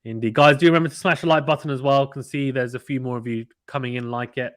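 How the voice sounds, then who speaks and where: A man from the United Kingdom hosting a casual live cricket watchalong, reading viewer comments aloud and getting excited at big shots. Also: mid-range voice, fast. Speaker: host reading live chat.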